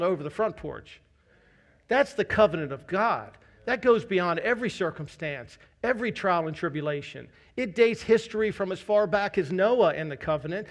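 A man preaching a sermon as the pastor of a church, telling a candid personal story with self-deprecating humor. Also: high voice.

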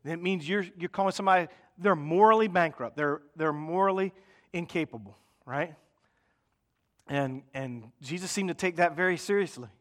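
A man's voice: a little high, normal speed, a bit bright. A man preaching a sermon in a conversational style, often checking in with his listeners and acting out their complaints. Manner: acts out listeners' complaints in mock voices.

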